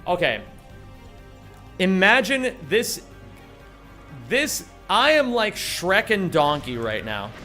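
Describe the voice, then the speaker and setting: A man's voice: sits high, sharp tone. A young man live-streaming a game, joking around casually and greeting viewers by name. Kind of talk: casual live-stream chat while gaming.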